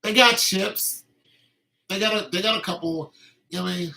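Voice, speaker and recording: Male podcast host, fairly high and forceful, heated opinionated monologue. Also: racing, vocal fry, rough recording. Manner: heated and emphatic, with frequent restarts.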